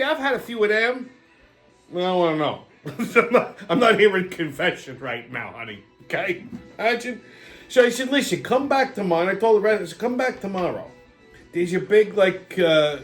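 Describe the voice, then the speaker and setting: A middle-aged man hosting a show, telling a rambling story in a casual, profane and sardonic way, often laughing as he talks. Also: on the high side. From New York. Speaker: podcast host.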